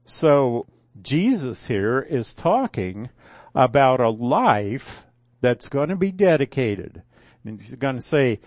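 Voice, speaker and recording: Slow, folksy male preacher. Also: medium pitch, big pitch swings, a little mellow, no echo. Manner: unhurried, folksy, with asides and self-corrections. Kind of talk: conversational sermon.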